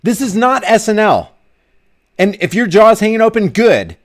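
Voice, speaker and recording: Middle-aged guy ranting on his vlog, kinda high voice, preachy, repeats stuff over and over. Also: very animated, normal speed. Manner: fiery, preachy, emphatic, repeats himself. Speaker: vlogger.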